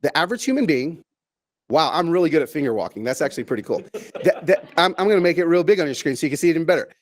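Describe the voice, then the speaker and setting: A middle-aged man delivering a motivational keynote to a virtual audience, with a slightly higher voice than most men. He talks in an animated, chatty way, restarting phrases and repeating words. For emphasis he stretches key words out slowly, one at a time. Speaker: keynote speaker.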